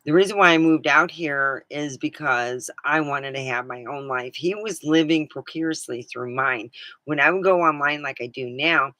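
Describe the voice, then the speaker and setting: A woman's voice: sits low, normal speed, sharp tone, no room sound, low-quality recording. A woman livestreaming, chatting casually in a meandering way and swearing now and then. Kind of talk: casual rambling chat.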